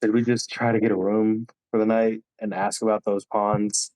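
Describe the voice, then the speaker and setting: A man's voice: on the low side, flat delivery, normal speed, darkish tone, lightly acted, rough recording. A man voicing a polite old male adventurer in a tabletop game, with a courteous manner. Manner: overly polite.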